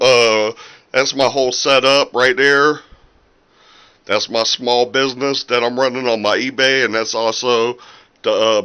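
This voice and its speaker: His voice sits at medium pitch, sharp yet smooth, and the recording is low-quality. Slightly out of breath, the independent musician and small seller vlogs from his small home recording room through the camera's built-in mic, rambling, full of fillers, and often starting over.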